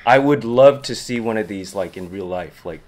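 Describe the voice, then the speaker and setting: A man's voice: fairly low pitch, moderate pace, a little mellow. A man from Southern California chatting casually and rambling a little while he sketches, laughing often. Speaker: guest artist.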